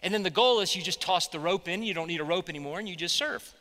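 A man, a pastor, preaching a sermon with animated storytelling. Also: sits high, fast talker, big-room sound. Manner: animated storytelling, voicing quotes loudly.

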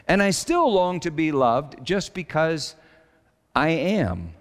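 A male pastor preaching a reflective sermon, slowing down to stress his key lines. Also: fairly high pitch, clear, resonant tone. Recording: long hall reverb.

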